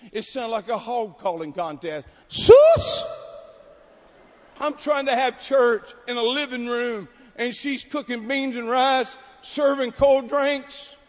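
A man preaching a sermon at a camp meeting, telling stories and building to shouted exhortation. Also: very high voice. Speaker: pastor. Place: large hall at a camp meeting. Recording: long hall reverb.

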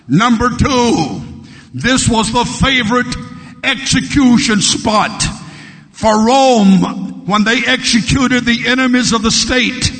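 Male Pentecostal preacher, high, slow and gravelly, shouting in a long-echo sanctuary. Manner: rhythmic repetition building to shouts. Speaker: pastor. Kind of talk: Pentecostal sermon. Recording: long hall reverb.

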